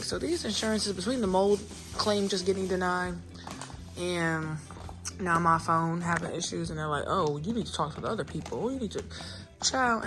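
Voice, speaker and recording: A young woman venting to her viewers in a frustrated, animated way, speaking. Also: on the low side. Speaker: vlogger. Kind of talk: casual venting monologue. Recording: echoey room, some distance from the mic.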